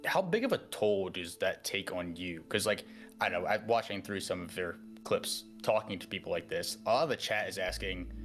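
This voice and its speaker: Male interviewer, low voice, hesitant questioning. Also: expressive, moderate pace, a bit bright, soft background music.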